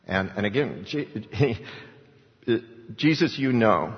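A man preaching a sermon, swinging between loud emphatic passages and quiet asides, at times acting out the lines he quotes. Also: on the low side, animated, unhurried. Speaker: pastor. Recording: dull sound with long hall reverb.

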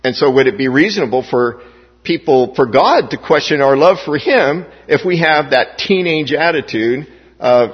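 A man's voice: a little high, animated, normal speed, slightly rough. A man preaching a sermon as pastor, with emphatic rising stresses and frequent restarts. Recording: dull, echoey hall recording.

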